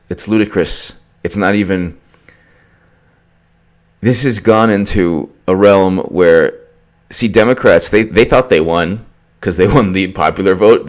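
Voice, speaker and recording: Deep-voiced man ranting about politics. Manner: ranting, mocking, repetitive restarts. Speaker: political commentator. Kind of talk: opinionated political commentary.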